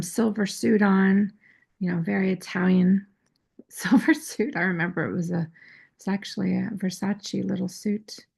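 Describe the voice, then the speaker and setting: A woman's voice: mid-range voice, gravelly, darkish tone, breathy edge. A woman host telling a personal story in a casual, candid, self-critical way, often restarting her phrases. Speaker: astrology and tarot channel host. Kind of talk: casual confessional talk.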